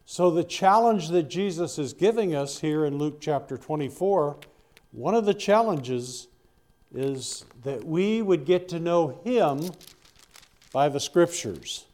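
Older male preacher, mellow voice, folksy rambling sermon delivery. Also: on the high side, expressive, slow. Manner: folksy, rambling with asides and restarts. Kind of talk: sermon Bible teaching.

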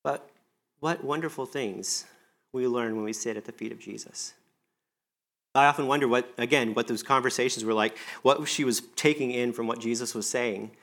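A man's voice: moderate pace, fairly bright tone. Male preacher, mid-range voice, conversational and earnest sermon delivery that voices quotes with lift. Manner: conversational, earnest, often acts out quoted lines with rising pitch. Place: church service.

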